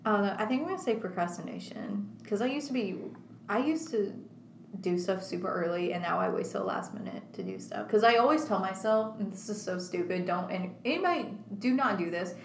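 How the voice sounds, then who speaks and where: A woman's voice: mid-range voice, sing-song, fairly quick. A young woman speaks in a casual, earnest way and leans into her advice. Her voice carries a roomy echo with faint background hiss. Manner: earnest, gives advice emphatically. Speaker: quiz co-host. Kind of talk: casual chat.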